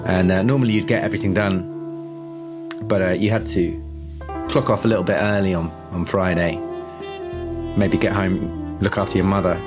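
A man narrating a tabletop horror game as game master, relaxed and full of hesitations. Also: low-pitched, normal speed, long pauses, music in the background.

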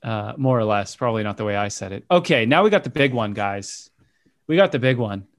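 A man's voice: fairly low pitch, lively intonation, brisk. Joking man hosting a football chat. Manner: jokey, reads out fixtures and asks for picks. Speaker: podcast host. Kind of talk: casual sports chat.

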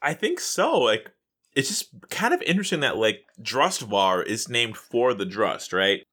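A man co-hosting a casual gaming podcast, excitable and laughing often, swearing freely. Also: mid-range voice, a little slow, slightly rough. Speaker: podcast co-host.

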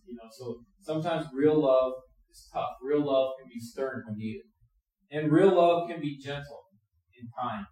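A man preaching a sermon, earnest and emphatic, dropping into quiet, reflective asides. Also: fairly high pitch. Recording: echoey room, mic far off.

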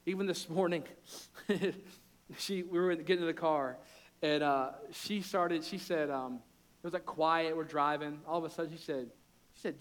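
High-voiced man preaching a sermon. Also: fairly quick. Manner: animated preaching, builds to loud impassioned peaks. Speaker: pastor.

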